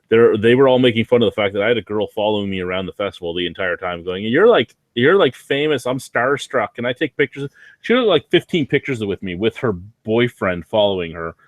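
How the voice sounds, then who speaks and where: A man's voice: on the low side, quick pace, no echo. A man guesting on a casual chat, telling stories in a dry, self-deprecating, sweary way from a basement. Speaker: guest reviewer.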